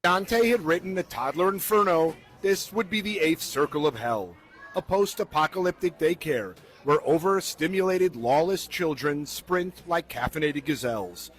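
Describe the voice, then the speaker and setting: A man doing an impression of a world-weary food and travel show narrator, with a dry, sardonic, measured documentary delivery. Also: on the high side, animated, fairly bright tone.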